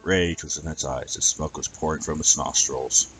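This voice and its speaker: A man reading a fan fiction story aloud as narrator, with an even storytelling manner and some stumbles. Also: rumbling low, normal speed, poor audio.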